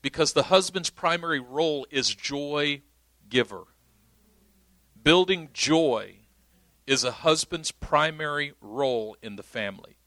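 Bright-voiced emphatic male preacher. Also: mid-range voice, dry recording. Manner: emphatic, explanatory, checks understanding. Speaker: pastor. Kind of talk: sermon teaching.

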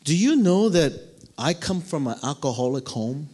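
Male preacher, lively storyteller, somewhat high voice, acts out other people's voices. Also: moderate pace, slightly rough. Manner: animated storytelling with acted-out voices. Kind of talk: sermon.

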